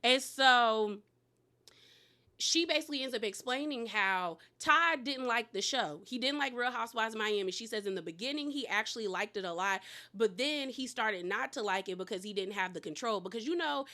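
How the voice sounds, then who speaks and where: A high-pitched woman with a bright, forward voice gossips through a reality show recap. She is animated and sassy and keeps calling the cast "girl". Her chatty delivery often tips into laughter and loud exclamations. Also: moderate pace.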